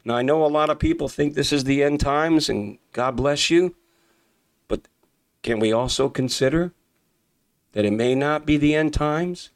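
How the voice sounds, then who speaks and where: A man's voice: fairly high pitch, normal speed. A man preaching fervently as a podcast host, repeating key phrases and addressing listeners as brothers and sisters. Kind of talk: impassioned preaching.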